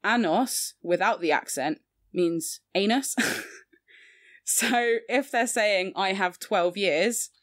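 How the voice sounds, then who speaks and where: A woman's voice: medium pitch, takes it slowly. A young woman in her twenties, a Spanish teacher, chatting casually and laughing often with many fillers. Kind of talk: casual podcast chat.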